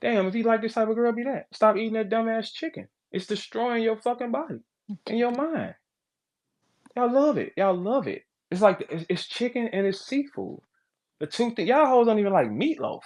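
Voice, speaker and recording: A man ranting crudely and loudly in a casual talk, profane and joking. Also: very high voice, very animated, moderate pace. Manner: loud, profane, jokey. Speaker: battle rapper on a live audio chat.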